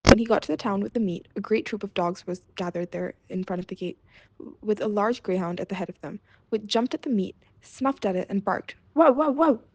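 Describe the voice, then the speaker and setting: A woman storyteller reading a fairy tale aloud in a steady, measured way. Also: mid-range voice, no echo.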